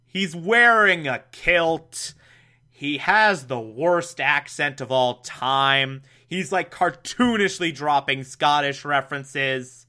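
Young guy sarcastically recapping a show, slow and bright, laughs a lot. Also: on the high side. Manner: sarcastic, laughs often, does quick mock voices. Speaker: podcast host recapping a show. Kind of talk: casual comedic recap.

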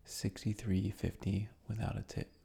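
Low gravelly breathy man, half-whispering. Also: a little slow. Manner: relaxed, rambling, slips into whispers. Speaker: podcast host. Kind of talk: soft sleep podcast recap.

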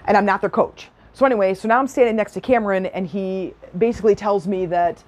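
A woman's voice: mid-range voice, steady tone, fast talker, hardly any pauses, darkish tone. Middle-aged woman, self-help speaker, chatty and enthusiastic, laughs easily. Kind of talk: personal storytelling talk.

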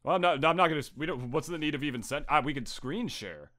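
A man's voice: fairly high pitch, lively intonation, fast, sharp tone. A man co-hosting a casual podcast, swearing and joking as he reads search results aloud. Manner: crude, joking, exclaims while reading search results. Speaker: podcast co-host.

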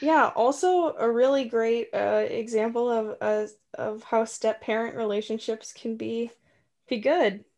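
A woman's voice: on the high side, steady tone, measured pace, a little mellow. Woman co-host, casual movie chat, playful and rambling. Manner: chatty, playful, many likes and restarts.

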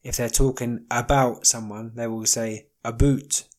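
A man's voice: medium pitch, flat delivery, normal speed. A man hosting a casual solo podcast, rambling with wry jokey asides and plenty of ums. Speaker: podcast host.

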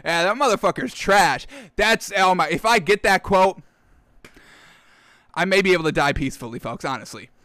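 A man doing casual sports commentary, excitable and profane, who keeps calling the audience folks. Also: high-pitched, moderate pace, pauses often, no echo, clean studio sound. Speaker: sports talk host.

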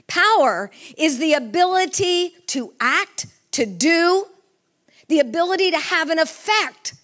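A woman's voice: extremely high pitch, animated, measured pace, fairly bright tone. A middle-aged woman preaching a sermon with fervor, asking the congregation questions. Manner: fervent, asks the congregation questions.

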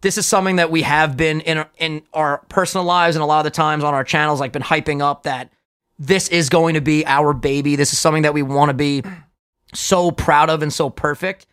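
A young man co-hosting a casual podcast, loud, profane and hyped. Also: on the high side, fairly even intonation, fairly quick, clear, resonant tone. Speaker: podcast co-host.

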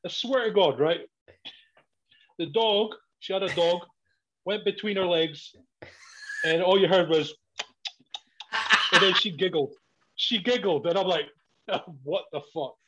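A man's voice: unhurried, pauses often, a bit bright. A man telling a story in casual chat, swearing often and laughing as he goes. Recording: dull, low-fidelity recording.

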